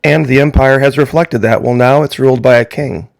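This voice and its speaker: A male commentator with a gravelly, fry-laden voice, recorded dry and close with no room sound. He delivers an opinion monologue, pressing his listeners with emphatic rhetorical questions. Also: medium pitch, fairly even intonation, fairly quick, no echo. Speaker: political commentator.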